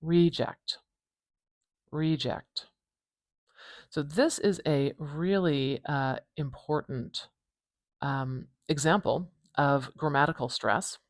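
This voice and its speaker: A pronunciation teacher with a North American accent, giving an informal phonetics lesson, thinking aloud and repeating words slowly and deliberately. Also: medium pitch, no room sound.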